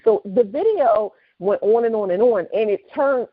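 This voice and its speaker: An animated woman, retelling a story to her co-host and slipping into the voices of the people in it. The sound is dry and a little dull, like a lo-fi studio mic. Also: on the high side, measured pace, few pauses, no room sound. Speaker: podcast co-host. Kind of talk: casual storytelling chat.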